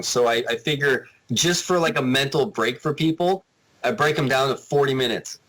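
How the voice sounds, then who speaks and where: A man guesting on a podcast in casual chat, rambling and animated, with frequent restarts. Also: medium pitch, moderate pace, rough recording.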